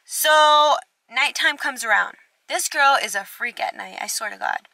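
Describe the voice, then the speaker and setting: A woman's voice: high voice, a little slow, gravelly, no room sound. A young woman vlogger telling a storytime, swearing freely and acting out both sides of the conversations. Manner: expressive, swears a lot, acts out both sides. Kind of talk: storytime vlog.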